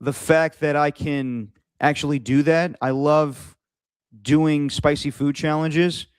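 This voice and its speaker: A man's voice: on the high side, steady tone, slow, clear, resonant tone, no echo. A man co-hosting a sports podcast in casual chat, rambling with many "like"s and restarts. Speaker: podcast co-host.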